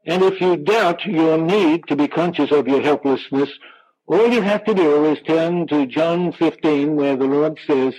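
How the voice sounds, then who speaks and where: A man preaching a sermon, slow and emphatic, drawing out the words of scripture he quotes. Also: a little high, darkish tone, low-quality recording.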